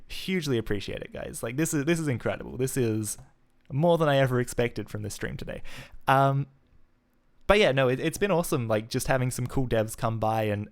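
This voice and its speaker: Mild Australian man, mid pitch, casual streamer talking through his code, keys typing in the background. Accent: mild South Australian. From Adelaide, Australia. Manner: chatty, thinks aloud, frequent fillers and restarts. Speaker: live-coding streamer. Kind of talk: casual live-stream chat while coding.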